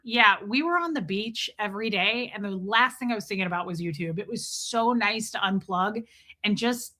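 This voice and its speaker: Casual woman stream host: bright, slightly high voice, loose and profane, greets chat by name. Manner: chatty, swears freely, greets viewers by name.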